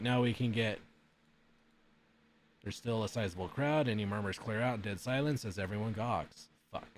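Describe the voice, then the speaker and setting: A man's voice: on the low side, a little hiss or hum. A man streamer reading a visual novel's text aloud during a playthrough, breaking in with blunt sworn reactions.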